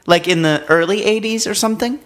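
A man's voice: sits high, fast, a bit bright. A man co-hosting a casual comedy podcast, rambling through thoughts with lots of hesitation. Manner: rambling, many fillers and restarts. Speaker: podcast co-host.

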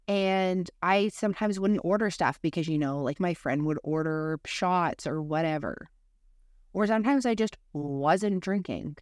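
A woman with a lower-pitched voice talks in loose, rambling casual chat on a podcast, piling on fillers and asides as she tells candid stories. The sound is close and dry, with no room around it. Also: measured pace, darkish tone, no room sound. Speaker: podcast co-host.

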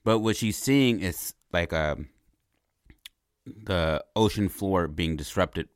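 A man casually pitching a movie idea as a long story, rambling and animated, repeating words and checking in with "right?". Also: slow pace, clear, resonant tone, dry recording, studio quality.

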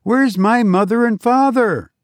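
A man voicing a young boy who is searching for his missing parents and calls out in a high, pleading voice. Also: a little slow, dry recording, studio quality.

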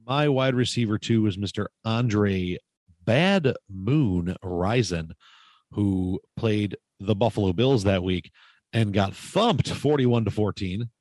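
A man's voice: fairly low pitch, takes it slowly, darkish tone, no echo. A man co-hosting a casual sports podcast, calling out stats playfully with jokey nicknames. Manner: playful, with jokey nicknames and emphatic stat calls. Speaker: podcast co-host.

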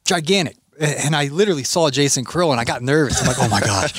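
A man's voice: on the high side, quick pace, dry recording, studio quality. A man hosting a podcast, telling stories casually and acting out what others said. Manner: animated storyteller, acts out quotes. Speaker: podcast host. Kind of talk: casual chat.

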